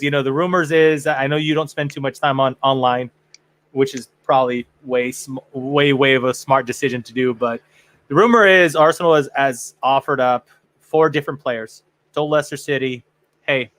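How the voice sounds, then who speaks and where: A man hosting a podcast in casual chat, excitable and quick to swear, with many restarts. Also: mid-range voice, no echo. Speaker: podcast host.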